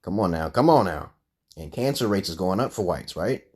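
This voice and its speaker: A man hosting a livestream, ranting in a profane, rambling way, dropping to low mutters and then rising into loud outbursts. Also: lively intonation, moderate pace, slightly rough. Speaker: livestream host. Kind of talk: profane live-stream rant.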